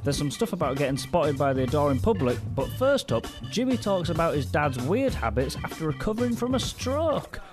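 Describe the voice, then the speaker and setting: A Northern English man introducing a podcast episode with a flat, monotonous delivery. His voice sits a little high for a man, with music playing clearly underneath. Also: fairly quick, hardly any pauses. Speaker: podcast host. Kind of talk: podcast presenting and casual chat.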